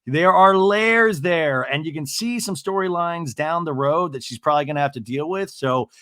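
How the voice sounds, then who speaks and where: A man hosting a podcast runs through a TV episode in a casual, comic way, animated and chatty, peppered with "like" and asides. His voice is a little high and a little fast. The sound is dry and studio-clean.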